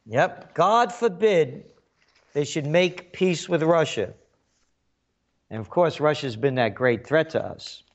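A man's voice: fairly high pitch, animated, a little slow, creaky, muffled recording. A man hosting a talk radio show, delivering a sarcastic, facetious monologue with a frog in his throat.

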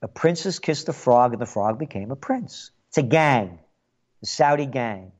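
A man's voice: mid-range voice, lively intonation, normal speed, darkish tone, lo-fi sound. An older man hosting a call-in radio show, rambling and sarcastic, often repeating words. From the Bronx, New York. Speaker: radio talk show host.

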